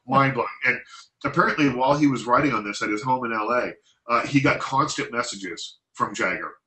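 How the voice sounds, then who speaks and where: A man telling an animated anecdote in casual chat, laughing often as he goes. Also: medium pitch, brisk, echoey room, low-quality recording.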